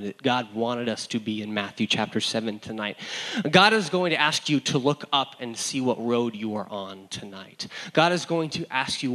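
A man from the San Diego area giving a sermon, telling stories with animated, self-deprecating energy and frequent restarts. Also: medium pitch, low-quality recording. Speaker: pastor. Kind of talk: sermon with personal storytelling.

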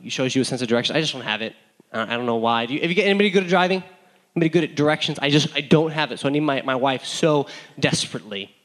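A man from the San Diego area giving a sermon, telling stories with animated, self-deprecating energy and frequent restarts. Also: mid-range voice, poor audio. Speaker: pastor. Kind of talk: sermon with personal storytelling.

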